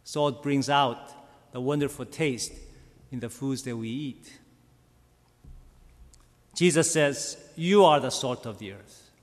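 A man preaching a sermon, slow and emphatic, asking his listeners rhetorical questions. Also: mid-range voice. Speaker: pastor. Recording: long reverb of a church hall.

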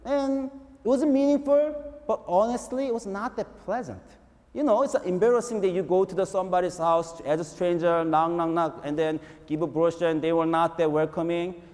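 High-voiced pastor preaching in a reverberant hall. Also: male voice, moderate pace. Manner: animated, repetitive storytelling with frequent rhetorical "right?". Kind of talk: storytelling sermon. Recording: long reverb in a large hall.

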